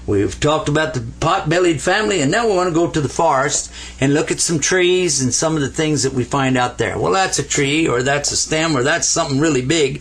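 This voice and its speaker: Brisk and with few pauses, a man teaches Arabic at a whiteboard, sketching letters as he explains them and elongating the sounds he drills. His voice is on the high side, fairly bright and breathy, and his manner is folksy and playful.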